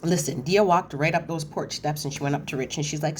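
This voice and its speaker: A woman casually recapping a reality TV episode, chatty and animated, acting out cast members' lines and correcting herself as she goes. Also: low voice, a little fast, a little hiss or hum. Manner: animated, quotes cast members in voiced asides; chatty, frequent fillers and self-corrections.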